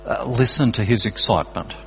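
An older Australian man preaching a sermon in an earnest, conversational way, going from lively emphasis to quiet drops. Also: medium pitch, fairly quick, vocal fry, a little hiss or hum, poor audio.

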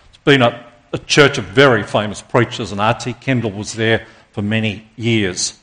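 A man's voice: on the low side, normal speed, pushed and bright. A man preaching a sermon as pastor to his congregation, earnest and emphatic, stopping to put questions to the listeners.

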